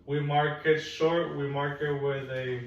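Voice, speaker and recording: A man teaching phonics one on one, patient and encouraging, slowly repeating sounds for a young learner in a classroom. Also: on the high side, little pitch movement, dull audio. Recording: echoey room, mic at a distance.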